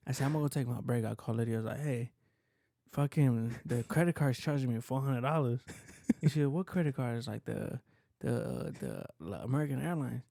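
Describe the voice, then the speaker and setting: Man, middle pitch, dry close sound, rambling casual chat. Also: brisk, gravelly, warm tone, dry recording. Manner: rambling and profane, restarts his sentences. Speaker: podcast co-host.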